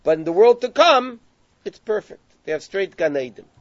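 A man with a high voice teaches a Gemara lesson, retelling the story and translating each Hebrew phrase as he goes. The recording is dry and a bit dull, with no room sound. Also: very animated, moderate pace, no room sound. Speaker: Torah teacher.

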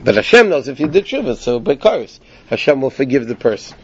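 In an informal evening Torah class for a small group, a man with a mid-range, breathy-edged voice talks fairly quickly and with great animation. He explains through rhetorical questions and frequently checks in with his listeners. The audio sounds dull.

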